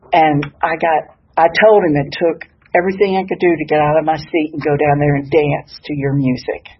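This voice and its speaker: A woman's voice: low-pitched, gravelly, highs cut off, a little hiss or hum. An older woman giving a folksy, good-humored personal share at a sobriety meeting, speaking to an audience in a hall. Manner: warm-hearted, folksy, laughs at herself.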